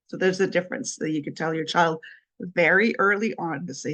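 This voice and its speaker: A woman's voice: lowish voice, steady tone, moderate pace. A woman hosting a solo parenting podcast, explaining step by step and repeating her key points with a light laugh now and then. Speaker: podcast host. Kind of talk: solo advice talk.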